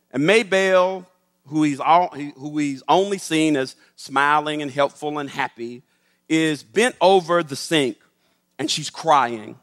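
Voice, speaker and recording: A middle-aged man, a professor, telling a story to an audience in an animated way and acting out the voices. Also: fairly high pitch. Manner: animated, acts out the voices in his stories. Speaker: professor giving a talk. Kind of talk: storytelling public talk. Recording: long hall reverb.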